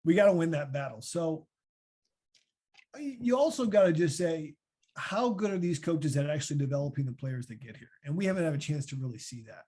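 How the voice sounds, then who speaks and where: A man in his thirties with a Midwestern American accent, answering podcast questions as a former linebacker in a chatty, animated way. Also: on the high side, fairly quick, breathy edge. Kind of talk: casual podcast Q&A.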